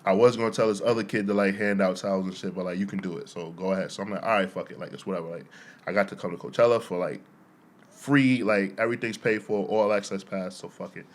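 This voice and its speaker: This young man has a low voice and talks fast. He co-hosts a podcast and tells stories in casual chat, animated and laughing often, quoting people by acting out their voices.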